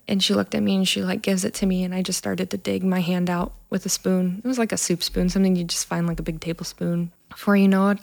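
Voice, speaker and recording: A woman's voice: lowish voice, gravelly. A woman, a trauma nurse, telling a personal story in an earnest way and acting out the dialogue.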